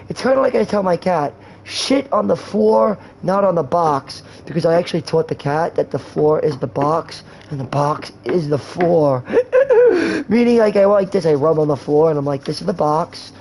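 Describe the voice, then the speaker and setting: A man's voice: fairly high pitch, mellow, a little hiss or hum, poor audio. A man streaming a game, rambling through crude jokes and improvised rhymes in a loose, freewheeling way. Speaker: gaming streamer.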